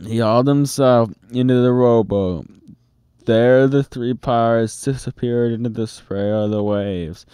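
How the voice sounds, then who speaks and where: A man reading a children's book aloud in a steady, expressive storytelling manner, close to the mic. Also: mid-range voice, unhurried, smooth, no room sound. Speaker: storybook reader.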